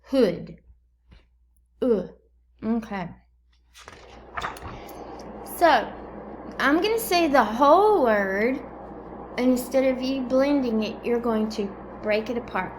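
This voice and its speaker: A woman with a fairly high, animated voice runs a phonemic awareness exercise for children at home in the kitchen. She drags out each word slowly and has them blend or break apart syllables, while the background is noisy.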